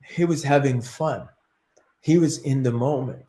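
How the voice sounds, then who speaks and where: A martial arts teacher telling a story in an interview, animated and acting out his inner thoughts. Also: mid-range voice, a little slow. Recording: echoey room.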